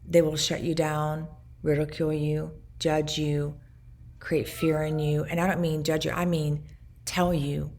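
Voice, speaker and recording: Low, gravelly-voiced woman journaling. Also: little pitch movement, darkish tone. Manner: earnest, reflective, speaks in short halting phrases. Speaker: vlogger recounting her past. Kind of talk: personal video journal.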